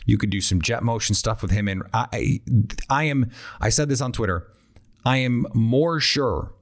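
A man with a lowish voice talks through football draft options. He sounds conversational and thinks aloud, restarting his sentences as he works through each pick. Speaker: football analyst host. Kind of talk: casual draft analysis talk.

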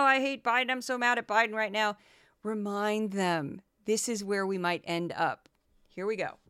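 A woman's voice: mid-range voice, fairly bright tone, smooth, no room sound, clean studio sound. A woman hosting a commentary podcast, talking animatedly and slipping into goofy voices. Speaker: podcast host.

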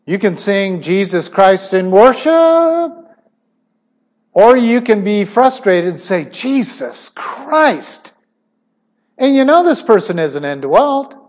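A middle-aged male preacher with a high voice, delivering a sermon at an unhurried pace. He talks emphatically, jumping from loud stressed words down to quiet asides. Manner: emphatic, with sudden swings in pitch and loudness.

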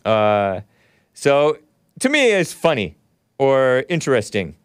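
Male live-stream host, mid-pitched, mocking and opinionated, close dry mic. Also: big pitch swings, slow pace, clear, resonant tone, no room sound. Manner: sarcastic, mocking, reads chat aloud.

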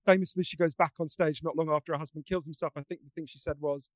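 A man talking as a podcast guest, earnest and animated, telling stories with frequent restarts. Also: a little high, quick pace, no echo. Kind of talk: casual conversation.

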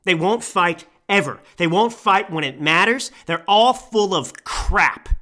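A man's voice: high voice, expressive, a little slow. A man in his thirties, a podcast host, delivering an angry political commentary rant into a microphone. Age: 30s. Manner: angry, ranting, yelling. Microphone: studio microphone.

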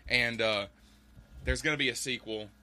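A man's voice: medium pitch, fairly even intonation, moderate pace, pushed and bright. A man co-hosting a casual movie chat, earnestly summarizing a film. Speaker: podcast co-host.

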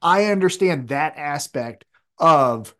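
With a slow, pushed, bright delivery and lively intonation, a male co-host works through his thoughts on a casual wrestling chat podcast. His voice is a little high, and he rambles, voices strong opinions, and restarts often.

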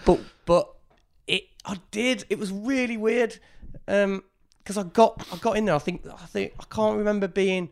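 A man, a guest in a casual interview, telling a story with lively quoted voices. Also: sits high, moderate pace, vocal fry, hardly any pauses.

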